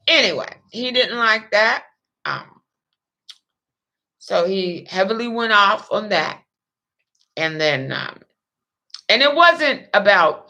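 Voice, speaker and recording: A woman's voice: mid-range voice, lively intonation, takes it slowly, pauses often, sharp tone. A young adult woman telling a personal story in a rambling, emotional, profane way. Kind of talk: casual monologue.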